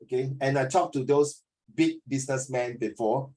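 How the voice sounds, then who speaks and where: A man's voice: mid-range voice, moderate pace. Blunt man coaching oral reading. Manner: animated, blunt, mixes in Mandarin. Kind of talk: one-on-one tutoring.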